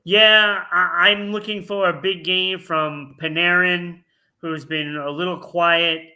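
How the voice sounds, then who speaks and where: A man co-hosting a casual sports talk show, dropping quick asides and wisecracks. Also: high voice, steady tone, sharp tone. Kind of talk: casual sports picks chat.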